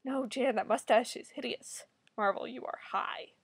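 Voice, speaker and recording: A young woman reading her own liveblog aloud, ranting in exasperation and swearing loudly. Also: fairly high pitch, moderate pace, vocal fry, husky, dry recording.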